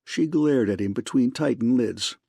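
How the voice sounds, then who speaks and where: Gravelly male audiobook narrator. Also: medium pitch, moderate pace, warm tone, no room sound, clean studio sound. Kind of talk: scripted narration.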